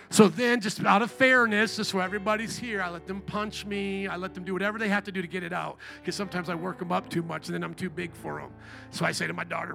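A middle-aged man from Indiana preaching a sermon as pastor, telling jokey stories in an animated, playful way. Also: high-pitched, fast talker, vocal fry, soft background music. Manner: animated, joking storyteller. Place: church.

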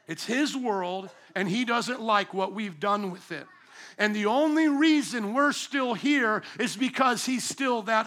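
High-voiced, bright male preacher. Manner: animated preaching with humor and acted-out quotes. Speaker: pastor. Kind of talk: sermon. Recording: recorded during a church service.

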